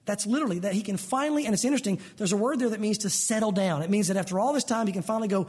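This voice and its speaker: A man preaching a sermon in an animated way, acting out little scenes with comic voices. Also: high voice, rapid-fire, hardly any pauses, husky. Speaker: pastor.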